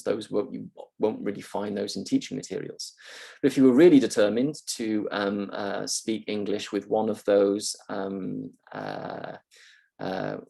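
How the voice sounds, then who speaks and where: A man's voice: on the low side, vocal fry, a little mellow, slightly rough. A male university lecturer answering questions in a live online session, thoughtful and hesitant with many ums and uhs, speaking on a video call.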